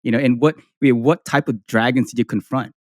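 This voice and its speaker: A man's voice: mid-range voice, steady tone, brisk, dry recording, studio quality. A man hosting a podcast, asking questions and chatting in a loose, casual way. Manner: chatty, loose, many fillers. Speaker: podcast host. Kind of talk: casual interview chat.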